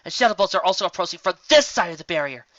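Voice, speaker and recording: Reader doing a regal alicorn princess, calm, commanding, bright dry voice. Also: medium pitch, very fast, no echo, highs cut off, pitched above the performer's own voice, lightly acted.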